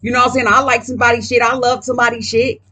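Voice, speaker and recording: A woman's voice: a little high, little pitch movement, rapid-fire, sharp tone. A woman vlogger talking casually while reading tarot cards, profane and emphatic, rambling and speaking straight to her viewers.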